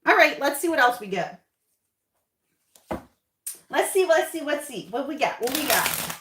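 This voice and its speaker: A woman's voice: high-pitched, big pitch swings, a little slow, a bit bright, slight background noise. A woman giving a casual tarot reading to camera, chatty and reassuring, often repeating her phrases. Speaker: tarot reader. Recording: echoey room.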